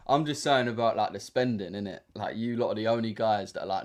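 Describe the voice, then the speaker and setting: Low-voiced and fast, a young trading streamer keeps up casual chatter on his livestream. He bantering in a relaxed, slangy way, dropping fillers constantly.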